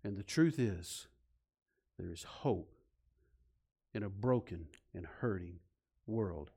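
A man preaching a sermon, swinging from loud, emphatic points to soft, low passages. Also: takes it slowly, husky. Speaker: pastor.

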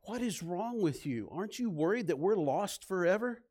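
A preacher doing a worried castaway who paces and complains. He gripes in a somewhat high voice, sure he will never be found. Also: lively intonation, normal speed, a little mellow. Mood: exasperated. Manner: complaining, despairing. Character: panicked stranded man, fretful and griping.

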